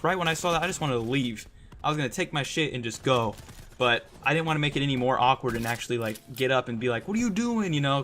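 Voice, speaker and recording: Bright-voiced young man telling a story. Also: medium pitch, a little hiss or hum. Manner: rambling, profane, lots of "like" and "right?". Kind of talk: casual storytime monologue.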